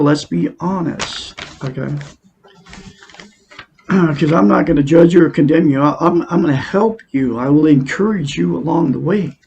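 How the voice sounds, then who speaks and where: A man's voice: fairly high pitch, gravelly, darkish tone, muffled recording, a little hiss or hum. A man giving a rambling self-help monologue to his viewers, repeating himself and talking straight to them.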